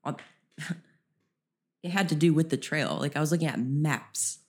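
A woman's voice: deep voice, moderate pace, darkish tone, slightly rough. A young woman co-hosting a podcast, telling a rambling story in casual chat, with many "um"s and "you know"s. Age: young adult. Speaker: podcast co-host.

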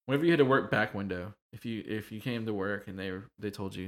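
A man's voice: lowish voice, fast talker, fairly bright tone. A man co-hosting a podcast, telling work stories in a laid-back way with plenty of swearing and acted-out quotes. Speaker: podcast co-host. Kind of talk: casual chat.

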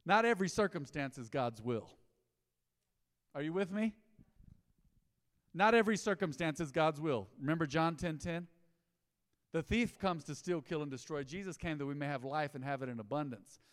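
A man preaching a sermon in his church, telling a story with lively swings between loud exclaims and hushed asides. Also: fairly high pitch, moderate pace, long pauses, long reverb tail. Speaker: pastor. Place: church sanctuary.

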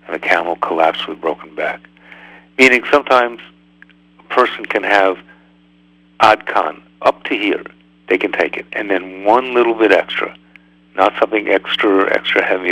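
A man hosting a radio talk, teaching a religious lesson in a lively conversational way with many rhetorical questions. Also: fairly low pitch, breathy edge, no echo, poor audio. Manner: animated, full of rhetorical questions.

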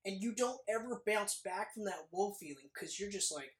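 A woman chatting casually about a movie, animated and swearing freely as she acts out scenes. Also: medium pitch, normal speed. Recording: echoey room.

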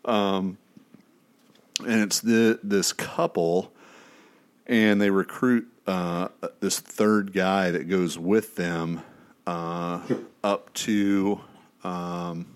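Male podcast host with a low voice. Relaxed and questioning, stumbles through restarts. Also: drawn-out words, clean tone. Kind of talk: casual podcast chat.

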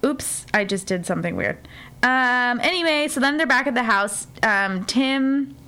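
A young woman recounts a TV episode to friends in a loose, rambling chat. Her voice sits a bit high, and she scatters "like" through every sentence. She keeps slipping into quick impressions of the characters. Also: animated, pushed and bright. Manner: rambling, frequent "like" fillers, acts out lines in character voices. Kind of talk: casual chat recapping a TV episode.

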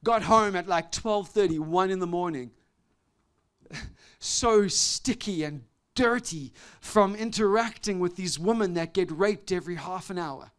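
A man preaching and telling a personal testimony, shifting between loud outbursts and hushed, intimate tones. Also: high-pitched, a little slow, smooth. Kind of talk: sermon testimony.

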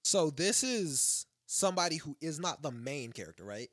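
A man's voice: on the high side, very animated, moderate pace, fairly bright tone, dry recording, clean studio sound. A young man chatting casually among friends, in laid-back slang with frequent restarts. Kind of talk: casual chat.

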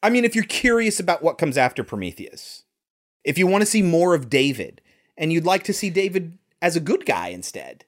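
A man's voice: a little high, big pitch swings, a little fast. An American man in casual conversation reviewing a movie, explaining at length and swearing now and then. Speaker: movie podcast co-host. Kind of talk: casual film review chat.

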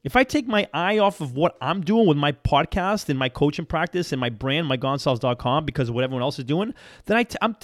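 Lively, earnest motivational podcast man. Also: on the high side, no echo, clean studio sound. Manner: earnest, encouraging, emphatic repetition. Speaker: podcast host and coach.

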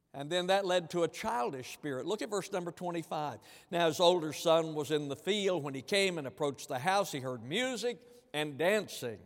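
Man preaching, kinda high voice, acts out the story people, long echo of a big hall. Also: lively intonation, normal speed. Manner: acts out the angry elder brother in plain voice, from soft asides to loud. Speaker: pastor. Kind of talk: sermon.

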